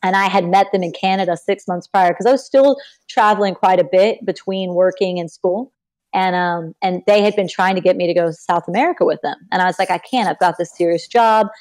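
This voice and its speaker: A young woman from Texas, a podcast guest, telling stories casually and acting out the people she quotes. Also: a little fast. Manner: animated, acts out quoted people with big pitch jumps. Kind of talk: casual storytelling in an interview.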